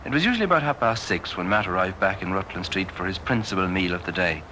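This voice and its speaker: A man narrating a documentary in a measured, formal scripted style. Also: sits low, expressive, bright, forceful tone, slight background noise, poor audio.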